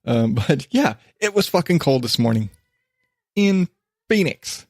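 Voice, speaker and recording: Male podcast host, mid-high voice, casual self-deprecating rambler, swears freely, dry home recording. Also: sing-song, a little slow, darkish tone, no echo. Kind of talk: casual solo podcast monologue. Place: home desk.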